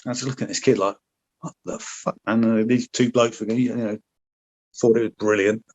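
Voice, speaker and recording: A man's voice: on the low side, fairly even intonation, brisk, darkish tone. A middle-aged man, a former soldier, telling war stories in casual chat, blunt and full of swearing as he acts out what people said. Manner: blunt, heavy swearing, acts out quoted lines. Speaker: podcast guest, former soldier. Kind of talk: casual storytelling. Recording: slightly dull lo-fi audio.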